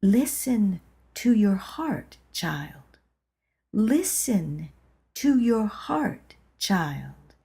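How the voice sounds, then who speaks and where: A woman reading an audiobook and voicing a gentle, insistent old woman from a dream, in a soft, quiet voice. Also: medium pitch, very animated, drawn-out words, creaky, husky, exaggerated voice. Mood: gently insistent.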